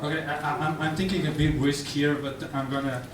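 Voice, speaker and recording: A man's voice: fairly high pitch, fairly even intonation, fairly quick, a crowd in the background. A man performing a live stand-up set in a bar, hesitant with stammering restarts. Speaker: stand-up comedian. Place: bar stage, indoors. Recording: roomy, distant mic, faint ambience.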